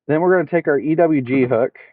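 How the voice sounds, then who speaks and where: A man with a mild Southern accent from the United States streams from a park, walking viewers through fishing rigs step by step in a casual livestream tutorial. His voice is fairly high and fairly quick. The headset mic gives tinny, dry, phone-like audio with no room sound.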